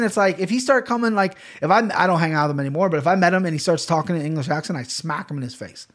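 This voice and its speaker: Here a podcast host with a slightly high voice talks fast, chatting casually. He rambles and swears as he goes.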